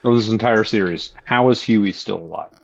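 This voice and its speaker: A man co-hosting a casual podcast chat, wry, and quick to laugh. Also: fairly low pitch, gravelly, lo-fi sound. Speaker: podcast co-host.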